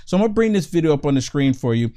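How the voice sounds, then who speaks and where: A man with a fairly high voice hosts a talk show and speaks to the camera in a loose, unscripted monologue. He leans hard on his points and circles back to repeat them for emphasis. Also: big pitch swings, very fast, dark tone.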